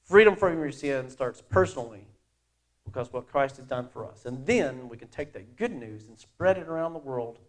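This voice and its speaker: A middle-aged man preaching a sermon as pastor, conversational and animated, swinging from loud emphasis to quiet asides. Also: mid-range voice, normal speed.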